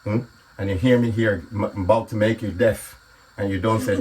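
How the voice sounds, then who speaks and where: A man's voice: lowish voice, fairly even intonation, normal speed, a little mellow, slightly rough. A man talking casually through a home cooking video, often checking in with "okay?" as he explains. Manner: chatty, repeats "okay?" often. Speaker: comedian and cooking vlogger. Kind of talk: casual cooking vlog chat. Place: home kitchen.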